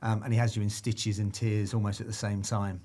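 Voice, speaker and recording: Man, podcast host, low voice, upbeat, brisk sports recap. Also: flat delivery, warm tone.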